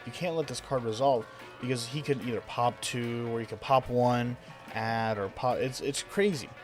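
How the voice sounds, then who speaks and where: A man's voice: mid-range voice, moderate pace, faint music behind. A young man casually talking through a card game deck, enthusiastic and rambling with lots of fillers. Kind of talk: casual deck profile commentary.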